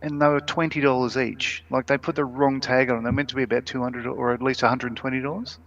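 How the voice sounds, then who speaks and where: A man's voice: mid-range voice, flat delivery, fast, a bit bright. A man co-hosting a casual live stream, reading viewer comments aloud and laughing often. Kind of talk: casual chat. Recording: dull lo-fi stream audio.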